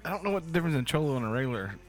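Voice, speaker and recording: Lively man reading aloud with laughter. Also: on the high side, rapid-fire, faint music behind. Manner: reads aloud, breaking into laughter. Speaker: podcast co-host reading a word game. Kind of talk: casual chat among friends.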